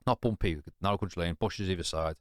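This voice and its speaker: Speaking fast in a low-pitched voice, this man recounts a frank personal story on a podcast, using British slang and swearing bluntly. He rambles and restarts, full of fillers and frequent "you know what I mean"s. The studio sound is clean with no room sound.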